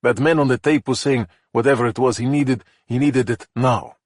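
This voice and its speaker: Brief: narrator doing a calm Russian interpreter, middle-aged man, dry read. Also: mid-range voice, normal speed, no echo, lightly acted. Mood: explaining.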